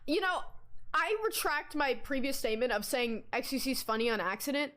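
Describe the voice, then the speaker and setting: A young woman with a somewhat high voice talks straight to her stream from a home setup. Her chat is loose and rambling. She gets excitable, giggles often and swears casually. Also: fairly quick. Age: young adult. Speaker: livestreamer.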